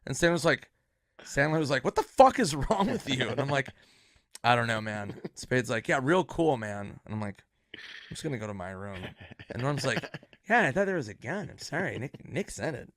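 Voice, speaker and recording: A man's voice: mid-range voice, normal speed, no room sound, clean studio sound. A man, a talk show guest, telling an anecdote and acting out each person in it. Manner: animated, acting out the people in his story. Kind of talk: casual storytelling.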